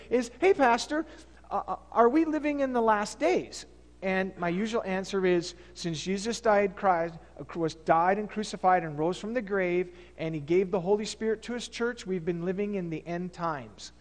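A male pastor with a high voice delivers a sermon in a loose, conversational way, retelling scripture stories. His voice rings out in a church sanctuary with a long reverb tail. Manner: conversational preaching, fillers and restarts.

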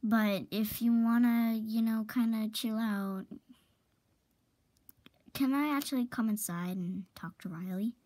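A woman's voice: a little high, steady tone, a little mellow. A woman voicing an awkward teenage girl who stumbles through a hesitant apology in a fan role-play drama. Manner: hesitant, halting, full of fillers.

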